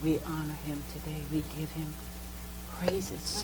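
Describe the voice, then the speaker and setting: A woman minister ministering and praying aloud on a TV program, fervent and deliberate, with soft music behind her. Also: low-pitched, fairly even intonation, very noisy. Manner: fervent, slow and deliberate, preacherly. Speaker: Christian minister.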